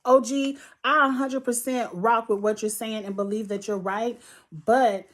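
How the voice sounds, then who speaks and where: A woman's voice: a little high, fairly even intonation, measured pace. A woman reviewing a reality show in a blunt, heated, profane rant. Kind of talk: ranting commentary vlog.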